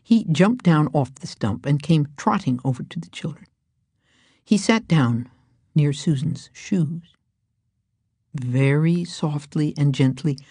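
A woman reading a children's storybook aloud in a hushed, breathy manner. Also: low-pitched, dry recording.

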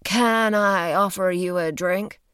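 A woman reading an audiobook, voicing a nervous, stiff man who speaks slowly in a flat, mechanical, level way. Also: fairly low pitch, smooth, no room sound, clean studio sound. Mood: stiff, uneasy. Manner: slow, quiet, mechanically level delivery.

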